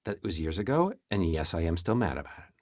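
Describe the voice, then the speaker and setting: A man's voice: low voice, fast. A man playing Marcus, exasperated accountant neighbor. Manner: exasperated, deadpan, stammering. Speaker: improv performer. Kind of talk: improvised comedy scene.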